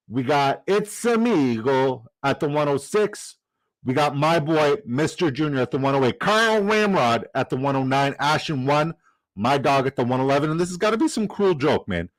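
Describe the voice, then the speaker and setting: A man's voice: a little high, no room sound, poor audio. A man hosting a fantasy football livestream, chatting casually, joking and reading out the chat. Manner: upbeat, jokey, reads chat aloud.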